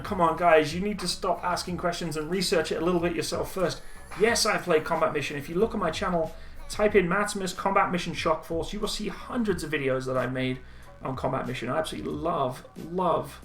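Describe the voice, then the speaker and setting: A young man casually reading and answering viewer chat on a live stream, relaxed and chatty with frequent ums and laughs. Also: on the high side.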